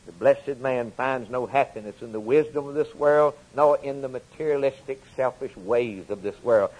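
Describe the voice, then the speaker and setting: A man's voice: mid-range voice, normal speed, few pauses, poor audio. A man preaching a sermon, repeating phrases in an emphatic cadence that swells and drops. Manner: repetitive emphatic preaching cadence, rising and falling.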